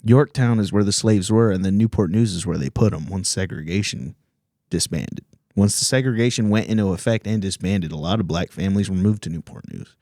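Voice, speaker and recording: A man's voice: fairly low pitch, warm tone, no echo, studio quality. A man from Virginia, a comedian hosting a podcast, telling rambling, profane stories in casual chat and laughing often.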